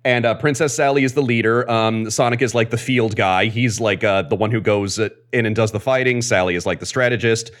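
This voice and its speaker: Low-voiced man rambling about comics. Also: steady tone, fairly quick, hardly any pauses, a bit bright. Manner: rambling, enthusiastic explainer. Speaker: podcast guest, comics expert. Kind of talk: casual podcast chat.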